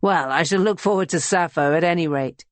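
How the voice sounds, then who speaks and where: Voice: medium pitch, a little fast, no room sound, close to an everyday voice. A reader voicing a lecherous middle-aged male town official in an audiobook, close to their own reading voice. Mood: smooth.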